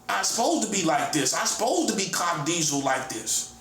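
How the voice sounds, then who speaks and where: Soft music plays in the background while a self-styled prophet in his forties argues combatively, going over the same points and calling the listener "buddy." His high voice swings widely in pitch and is a bit bright, at a normal speed. Echo fills the room, along with faint ambience.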